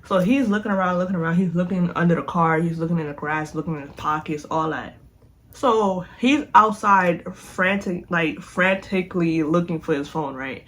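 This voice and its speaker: A young woman vlogger telling a storytime in a chatty, animated way, speaking straight to her viewers. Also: on the low side, moderate pace. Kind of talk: casual storytime.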